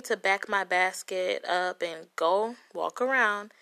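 A woman from Compton, angrily retelling a story in a profane, dramatic, animated way. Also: mid-range voice, takes it slowly. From Compton, California. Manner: profane, heated, dramatic retelling with quoted voices. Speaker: vlogger telling a story.

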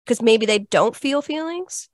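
A woman's voice: on the high side, lively intonation, a little slow, no echo. A young adult woman hosting a podcast, telling a personal story in a casual, chatty way with lots of "like" fillers. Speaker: podcast host. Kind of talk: casual conversational interview.

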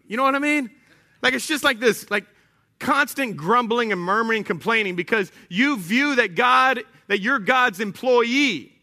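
Male pastor in his thirties, high and bright voice, animated preaching with bursts of shouting. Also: normal speed. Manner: animated preaching, rising to shouts, with acted asides. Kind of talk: sermon. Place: church sanctuary.

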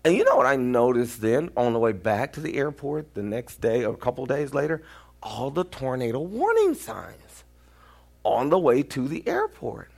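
A pastor with a Texan accent preaching a storytelling sermon, acting out quoted voices and sometimes near-shouting. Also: male voice, mid-range voice, sing-song, normal speed, gravelly.

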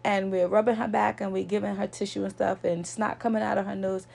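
A woman's voice: mid-range voice, level tone, fairly quick, creaky, darkish tone, breathy edge. A woman telling a personal story to her viewers in an earnest, lecturing way, repeating her points for emphasis. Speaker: vlogger.

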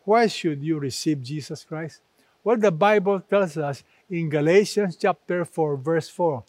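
A man preaching a sermon, slow and emphatic, repeating key phrases and quoting scripture. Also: a little high, a little mellow, no echo.

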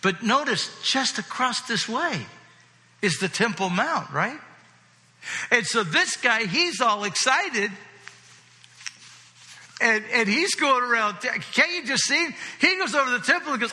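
A man preaching a sermon in a lively, conversational way, often checking in with his listeners. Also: high voice, moderate pace. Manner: animated, conversational, often asks the audience "right?". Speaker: pastor. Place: church hall with a congregation. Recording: long reverb of a large hall.

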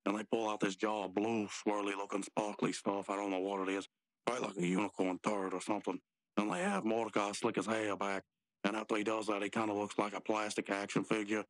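A man with a fairly low voice, co-hosting a casual podcast and retelling a cartoon's plot. He tells it loosely, wandering into asides along the way. The sound is dry and close to the mic. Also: fairly even intonation, fairly quick, no room sound. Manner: loose, rambling storytelling with asides. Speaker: podcast co-host. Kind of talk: casual chat recapping a cartoon.

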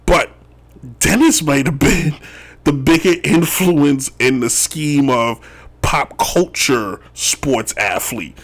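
Speaking slowly in a slightly high voice, a man in Chicago sports gear runs a casual sports talk show. He wanders through jokes about basketball moves and keeps dropping the phrase "if you will."

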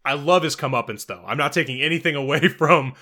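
A man co-hosting a casual podcast about a movie, animated and profane, laughing often. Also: on the high side, fast talker. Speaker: podcast co-host. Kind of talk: casual film discussion.

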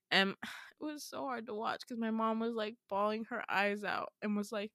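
A woman's voice: a little high, fairly even intonation, moderate pace, a bit bright, no room sound, studio quality. A woman podcast host telling a dream story in a casual, chatty way, packing her talk with filler words and laughing often. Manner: chatty, heavy use of filler "like"; laughs often while talking.

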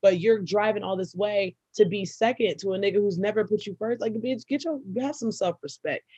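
A young woman co-hosting a podcast, telling a wild story with a lot of swearing and lurching from hushed asides to loud, laughing bursts. Her voice is mid-pitched, with a close, dry sound to the recording. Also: breathy edge, no echo, dull audio. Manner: animated, profane, quick to jump into loud laughing outbursts. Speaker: podcast co-host. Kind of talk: casual storytelling chat.

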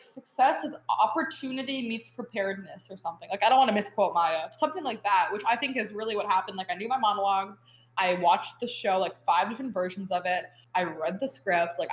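A young woman, a student guest, tells a loose, chatty story in casual conversation, laughing and using plenty of fillers. Her pitch is medium, the sound reverberant, and the audio poor.

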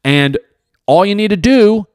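A man, hosting a podcast and telling a story in a profane, animated way, with lots of "right?" and "dude". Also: high-pitched, a little slow, clean tone, no echo, clean studio sound. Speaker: podcast host; jiu-jitsu competitor. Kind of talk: casual monologue.

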